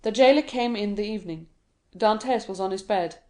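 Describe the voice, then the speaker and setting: A woman reading an audiobook of a classic novel in a steady, even narration. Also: mid-range voice, fairly quick. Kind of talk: scripted narration.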